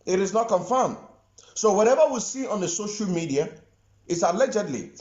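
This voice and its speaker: Igbo-accented male commentator, high animated voice, repeats himself for emphasis, muffled echoey room. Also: fairly quick. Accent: Nigerian Igbo. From southeastern Nigeria. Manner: emphatic, repeats phrases for stress. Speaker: online commentator. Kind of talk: impassioned social media commentary.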